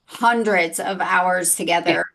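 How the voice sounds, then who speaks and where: A woman's voice: on the low side, measured pace, vocal fry, a bit bright. A woman hosting a faith-based interview podcast, asking guests earnest, reflective questions. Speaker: podcast host.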